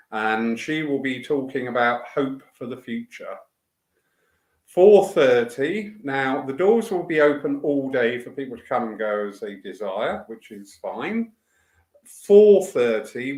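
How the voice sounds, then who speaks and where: A man's voice: mid-range voice, roomy sound. A man who organizes church events, running through the day's programme in a chatty, enthusiastic way with fillers and asides. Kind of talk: casual spoken announcements. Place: church hall.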